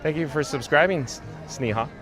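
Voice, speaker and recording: Walking outdoors through a busy theme park, a man hosts a casual live stream, reading viewer comments aloud and thanking the senders. His voice is fairly high and fairly bright, a little fast, with park music and crowd noise behind him.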